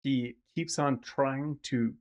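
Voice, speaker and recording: A man's voice: mid-range voice, slow. A man co-hosting a podcast, chatting casually about a film and acting out lines from it as he retells the story. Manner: animated, acts out characters' lines mid-story; swears casually. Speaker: podcast co-host.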